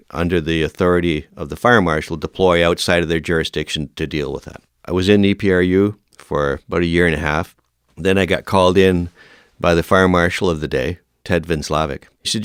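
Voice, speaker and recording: A man in his fifties with a low, smooth, resonant voice tells stories as a guest on a podcast. He acts out the lines of the people in his stories as he goes. The recording is close and dry, with no room echo. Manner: lively storyteller who acts out quoted dialogue. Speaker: podcast guest, veteran firefighter. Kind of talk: casual storytelling interview.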